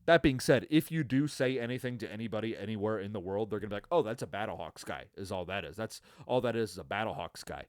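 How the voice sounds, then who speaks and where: A man's voice: on the low side, fast talker, hardly any pauses, no room sound. A man hosting a casual sports podcast, ranting in a profane, tired way with lots of fillers and restarts, close to the mic. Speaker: podcast host.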